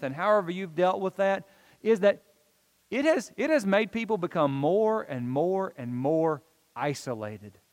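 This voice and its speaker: A man's voice: high voice, big-room sound. A male pastor preaching a sermon in an earnest, emphatic way, repeating key phrases.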